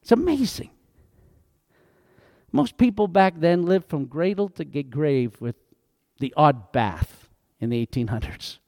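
Guy preaching a sermon, pretty high voice, lively, does little voices for quotes, dry close sound. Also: measured pace, long pauses, no room sound. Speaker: pastor.

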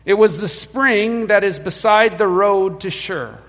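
Pastor guy giving a sermon, unhurried, acts out the quotes, big church reverb. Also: high-pitched, fairly bright tone. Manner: storytelling, acting out the quoted lines. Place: church sanctuary.

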